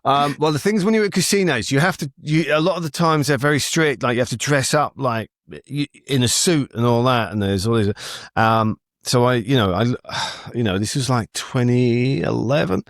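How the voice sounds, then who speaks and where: A man's voice: mid-range voice, normal speed, no room sound, studio quality. A middle-aged British man, a comedian, telling a story as a podcast guest and acting out the people in it. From Britain. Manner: animated storyteller who acts out voices in quotes.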